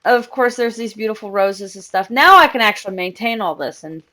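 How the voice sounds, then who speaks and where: A woman's voice: mid-range voice, animated, a little fast, pushed and bright. A young woman chatting casually on a live game stream, rambling through a story and laughing often. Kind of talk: casual live-stream chat while gaming.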